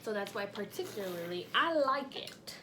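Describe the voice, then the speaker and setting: A woman hosting a mukbang, talking softly in a slangy, chatty way while she eats. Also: medium pitch, big pitch swings, normal speed, slight background noise. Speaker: mukbang host. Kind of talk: casual chat while eating.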